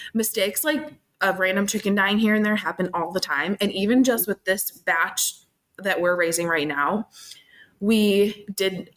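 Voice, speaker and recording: Low-voiced chatty woman podcast co-host. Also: fairly bright tone, rough recording. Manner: chatty, filler-heavy, reflective. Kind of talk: casual chat.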